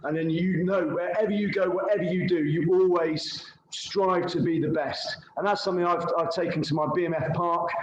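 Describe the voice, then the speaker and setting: Earnest ex-paratrooper in an echoey room. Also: male voice, high-pitched, fairly even intonation, moderate pace, hardly any pauses, slight background noise. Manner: earnest, repeats words as he builds a point. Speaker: fitness instructor, former paratrooper. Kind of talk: casual call-in chat.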